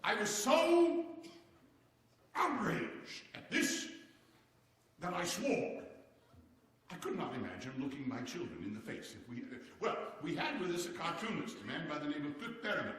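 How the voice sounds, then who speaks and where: Before a seated audience in a performance hall, an actor delivers a one-man show as a boisterous, hearty president of old America, speaking genially, theatrically, and with exclamations. His voice runs on the high side and a bit bright, with wildly swooping pitch at normal speed. It's recorded from afar in an echoey hall.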